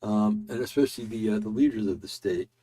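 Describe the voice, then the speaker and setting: A man's voice: fairly low pitch, a little fast, mellow. A man hosting casual political commentary, tired and yawning, rambling with many fillers and restarts.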